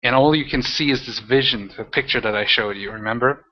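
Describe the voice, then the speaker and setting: A man serves as game master for a tabletop role-playing game, narrating in halting, rambling bursts and restarting often. His pitch is medium, and the audio is dull and lo-fi.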